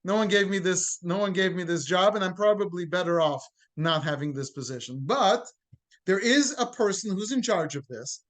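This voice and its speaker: A man's voice: sits high, moderate pace, fairly bright tone. A man, a rabbi, giving an earnest, emphatic talk in answer to a question, often repeating and restarting words. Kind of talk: impassioned lecture answering a question.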